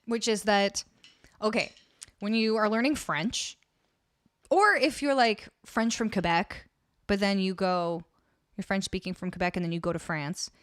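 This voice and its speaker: A woman's voice: medium pitch, unhurried, a bit bright, smooth, no room sound, studio quality. A young Canadian woman hosting a music livestream, chatting casually with viewers, often laughing and trailing off mid-sentence. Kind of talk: casual chat with live chat.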